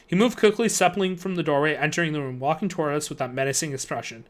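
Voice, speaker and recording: A man reading a spooky children's book aloud on a live stream, expressive and ready with a joking aside. His voice sits a touch high for a man. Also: fast, hardly any pauses.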